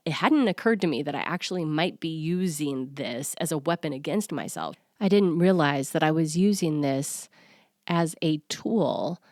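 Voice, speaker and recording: A woman in her forties, a self-worth coach, talking to listeners in an earnest, confiding way with soft laughs. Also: deep voice, no room sound, clean studio sound. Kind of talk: personal solo podcast talk.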